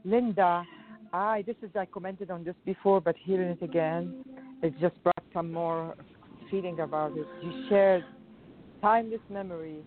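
A man's voice: sits high, fairly even intonation, moderate pace. Earnest, hesitant man on a phone line. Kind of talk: casual chat. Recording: tinny phone line with faint hiss.

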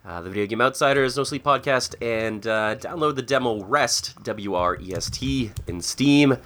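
A man co-hosting a casual podcast, relaxed as he talks about voicing a game. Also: mid-range voice, normal speed, slight background noise. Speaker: podcast co-host and voice actor. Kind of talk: casual chat.

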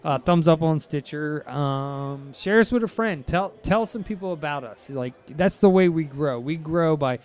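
A man's voice: on the high side, animated, normal speed, few pauses, darkish tone. Rambling male podcast co-host. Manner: rambling, jokey, many fillers. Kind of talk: casual chat.

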